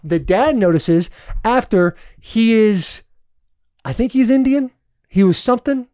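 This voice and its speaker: A man's voice: high voice, animated, unhurried, mellow, clean tone. A man in his thirties co-hosting a podcast, telling stories in a loose, rambling way that is full of "like" and frequent laughter. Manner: rambling storyteller, heavy use of "like", laughs often. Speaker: podcast co-host. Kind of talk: casual chat.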